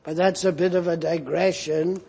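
A man's voice: on the high side, level tone, normal speed, gravelly, dark tone, breathy edge. A man preaching a sermon and animatedly voicing the scripture figures as he retells the story.

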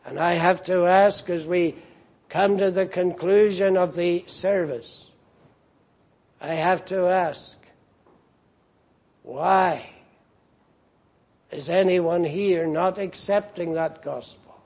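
A male preacher with a fairly high voice delivers his sermon slowly and deliberately. He lingers over phrases and leans into them when he stresses a point. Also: fairly even intonation, a little mellow. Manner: slow, measured preaching that rises with emphasis.

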